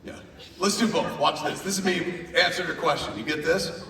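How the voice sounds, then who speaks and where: A man's voice: a little high, a little fast, gravelly. A middle-aged man telling a profane comic anecdote to a live convention audience on stage. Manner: profane, animated storytelling. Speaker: guest at a convention Q&A panel. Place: large convention hall stage. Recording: echoey hall, voice from far off, crowd noise. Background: audience in a large hall.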